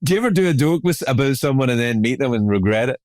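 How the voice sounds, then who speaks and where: A man hosting a podcast, chatting casually and relaxed with his guest. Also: mid-range voice, fast, no echo, studio quality. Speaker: podcast host.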